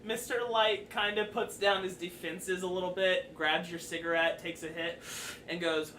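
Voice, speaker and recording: Game master narrating the table, bright voice, lots of ums, echoey far-off mic. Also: medium pitch, level tone, moderate pace. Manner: loose narration with many fillers. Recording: roomy distant mic with faint noise.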